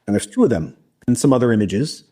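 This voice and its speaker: A man recounting a personal experience in a halting, casual interview style, with frequent restarts. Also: mid-range voice, very animated, warm tone, breathy edge. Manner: halting, many restarts and fillers. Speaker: guest recounting an abduction experience.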